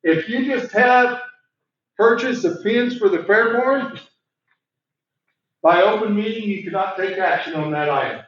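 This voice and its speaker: A man leading a training session, asking the room questions and repeating words for emphasis, clearing a voice he is losing. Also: high voice, unhurried, pauses often, a bit bright, slight background noise. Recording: very echoey room, distant mic, muffled.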